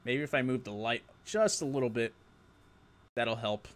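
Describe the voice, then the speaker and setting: A man's voice: medium pitch, normal speed, fairly bright tone. A young man from New York with a New York accent, hosting a live-stream show and chatting casually with viewers, laughing often.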